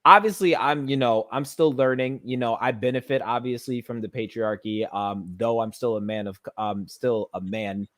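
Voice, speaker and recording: A man's voice: mid-range voice, moderate pace, few pauses, a bit bright. A man hosting a podcast conversation, speaking emphatically and asking long, rambling questions. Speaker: podcast host.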